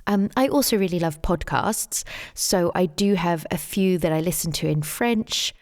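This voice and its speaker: A middle-aged woman with a London English accent, answering interview questions as the guest, measured and thoughtful, with plenty of "um" and "you know". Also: lowish voice, darkish tone. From England. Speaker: guest, English teacher and tour guide.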